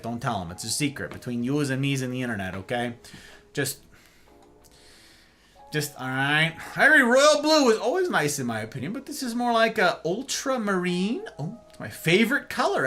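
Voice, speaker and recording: A middle-aged man hosting a live stream, chatting casually and playfully with his viewers and often trailing off into quiet asides. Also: on the high side.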